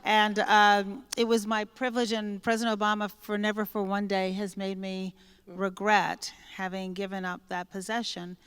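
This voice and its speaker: A woman speaks with a smooth, clean tone at a mid pitch. She is a guest author in an onstage conversation, telling lively anecdotes and acting out the lines of the people in them. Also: normal speed, long reverb tail. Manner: lively anecdotal storyteller who acts out quoted speech.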